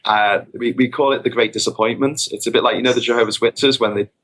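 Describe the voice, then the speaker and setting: A man's voice: mid-range voice, fairly even intonation, quick pace, fairly bright tone. A man telling rambling, self-mocking travel anecdotes as a podcast guest. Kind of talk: casual storytelling. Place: podcast recording.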